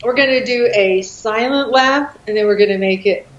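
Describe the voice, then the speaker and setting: A woman's voice: fairly high pitch, normal speed, echoey room, lo-fi sound. A woman from the United States leading a laughter yoga exercise in casual chat, giggly and instructive, laughing often between her words.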